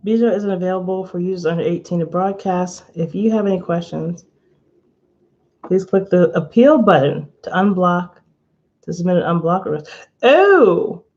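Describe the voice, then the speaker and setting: A woman's voice: on the low side, animated, moderate pace, a little mellow. Woman, tarot reader on a live stream, chatty, giggly, rambling, slightly dull lo-fi sound. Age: adult, not under eighteen. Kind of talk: casual live-stream chat. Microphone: webcam or phone, camera from below.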